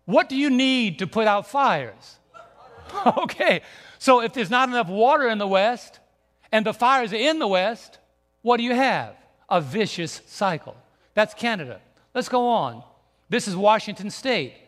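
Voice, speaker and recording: A man's voice: sits high, animated, normal speed, a bit bright, big-room sound. A man preaching a sermon to his congregation, emphatic and repetitive, often restarting his phrases. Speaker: pastor. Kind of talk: sermon with slides. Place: church sanctuary.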